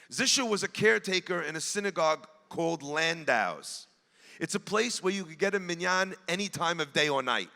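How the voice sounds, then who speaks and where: A man, giving an emotional sermon as a rabbi and telling a story to the crowd, swelling and dropping to a hush. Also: high voice, vocal fry. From United States (New Jersey). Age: 40s. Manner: earnest, addresses the crowd directly, swells and drops to a hush. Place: large event hall. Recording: long hall reverb.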